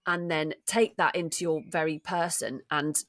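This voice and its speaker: Low-voiced, chatty woman podcaster. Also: steady tone, normal speed, a bit bright, no room sound, studio quality. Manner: chatty, many restarts, explains with enthusiasm. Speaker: podcast co-host and voice actor. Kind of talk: casual chat.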